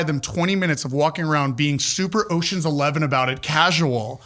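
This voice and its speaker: A man who owns the building, telling stories in an animated, casual way at a live podcast and acting out the people he quotes. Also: on the high side, brisk. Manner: animated storyteller, acts out quotes. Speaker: building owner. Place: large old building, live audience.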